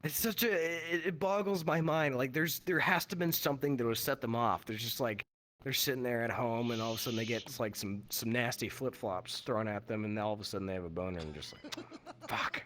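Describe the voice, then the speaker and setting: A man performing a stand-up comedy set in a virtual reality comedy club, talking on a headset and acting out characters in quick quoted voices. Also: medium pitch, fairly bright tone, a little hiss or hum.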